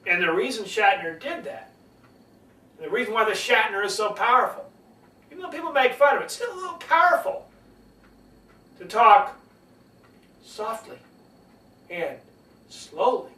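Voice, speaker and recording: A man coaching public speaking, swinging between loud and soft delivery to demonstrate, in an echoey room away from the mic. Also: very high voice, lively intonation, brisk, recorded from a distance. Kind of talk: teaching lesson.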